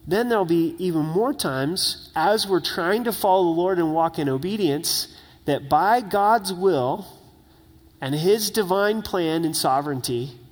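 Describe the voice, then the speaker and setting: A man's voice: on the high side, long reverb tail. A middle-aged man preaching a sermon as pastor, talking in an earnest, conversational way with frequent tag questions.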